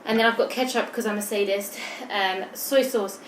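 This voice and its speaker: A woman's voice: mid-range voice, fairly even intonation, moderate pace. A young woman chatting while she eats in a mukbang video, giggly and slightly out of breath. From United Kingdom. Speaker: vlogger. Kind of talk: mukbang chat. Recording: echoey room with background noise.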